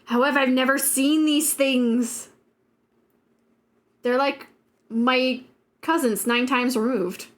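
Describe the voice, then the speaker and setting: Giggly high-voiced woman streamer. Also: steady tone, slow pace, pauses often, a little hiss or hum. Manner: giggly, rambling, lots of fillers. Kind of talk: casual live-stream chat.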